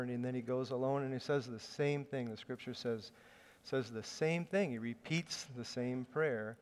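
A preacher with a mid-range, steady voice delivers a sermon at a moderate pace, recorded with long hall reverb. He tells the story conversationally, with small hesitations.

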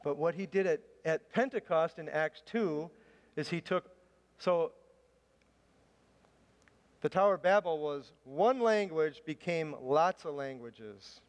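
A man's voice: on the high side, takes it slowly, pauses often. A man preaching a sermon to a room, mixing a chatty, self-deprecating personal story with scripture. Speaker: pastor. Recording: long hall reverb.

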